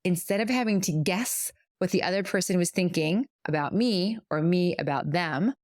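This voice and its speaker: A woman's voice: on the low side, normal speed, a little mellow, no echo, studio quality. A middle-aged woman co-hosting a casual podcast, explaining her thoughts earnestly and at length, often correcting herself mid-sentence. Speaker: podcast co-host.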